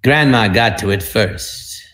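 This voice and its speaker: Guy in his 60s doing a grave ww2 soldier from an old movie, low quiet voice, slow and solemn. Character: grave male WWII soldier telling a war tale.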